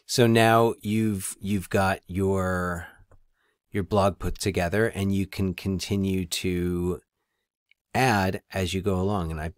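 A man teaching his students in a screen-recorded tutorial, relaxed and thinking aloud as he clicks through the steps. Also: sits low, no echo, clean studio sound.

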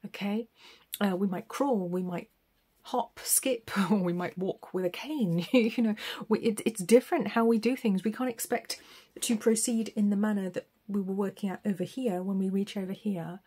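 A woman's voice: medium pitch, normal speed, warm tone, breathy edge. A middle-aged woman doing a tarot reading in a chatty, rambling way, with frequent laughs. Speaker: tarot reader. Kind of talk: casual spoken reading.

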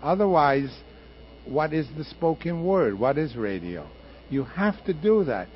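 With a voice on the high side, very animated and unhurried, the older man recounts stories passionately and emphatically. He is a radio producer and director being interviewed as a guest, and the archival radio audio is muffled with faint hiss.

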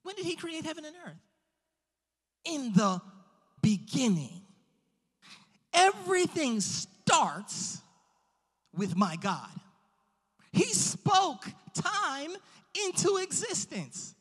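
A preacher delivering a sermon in a church, with emphatic, drawn-out stresses on key words. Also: high voice, huge pitch swings. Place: church sanctuary. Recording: long church hall reverb.

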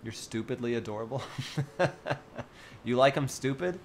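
A man's voice: mid-range voice, normal speed, slight background noise. A man with an Australian accent hosting a casual livestream chat with viewers, playful, giggly and teasing. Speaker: livestream host.

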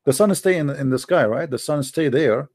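A non-native English-speaking man hosting a debate, pitched a little high and recorded dry and close with no room sound. He explains patiently, checking in with "right?" and growing animated when he makes a point. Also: moderate pace, no echo. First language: not English. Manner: animated, lively storyteller. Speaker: debate host. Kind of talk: casual debate talk.

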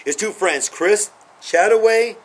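A man's voice: high-pitched, a little slow, breathy edge, low-quality recording. A middle-aged man hosting his own videos, telling sports stories in a rambling, casual way and repeating "anyhow" as he goes. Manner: rambling, repeats "anyhow", acts out quotes with a rising excited voice. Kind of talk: casual storytelling monologue.

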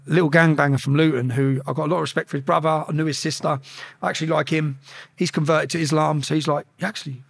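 A man telling a story as a podcast guest, animated and profane, acting out the shouted exchanges. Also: on the high side, vocal fry.

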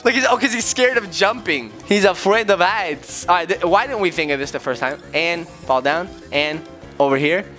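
Over soft background music, a father records himself gaming with his son, speaking at a moderate pace. He keeps it casual and playful, excitable and goofy, with abrupt high squeals.

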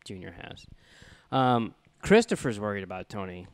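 A man's voice: lowish voice, sing-song, clear, resonant tone. A man co-hosting a podcast, recapping a TV episode in a rambling way and acting out lines from scenes. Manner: rambling, quick asides, acts out scenes in quoted voices. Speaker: podcast co-host. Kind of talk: casual chat recapping a TV episode.

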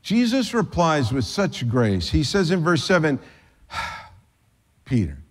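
A man's voice: a little high, big pitch swings, takes it slowly. Chatty man pastor preaching. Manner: conversational, joking asides. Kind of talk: sermon.

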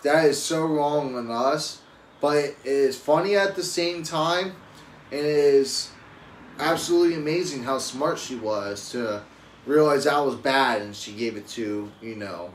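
A young adult man, a father, rambles through stories in a casual live-stream chat, swearing freely. His voice sits at an ordinary mid pitch. The room is echoey, with a faint hum of ambience behind him. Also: a little slow. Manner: rambling, profane storytelling. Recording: roomy echo with faint ambient noise.

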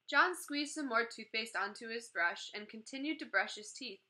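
A woman reading a children's chapter book aloud, gently voicing the characters as she goes. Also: fairly high pitch, expressive, normal speed, low-quality recording. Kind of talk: read-aloud storytelling.

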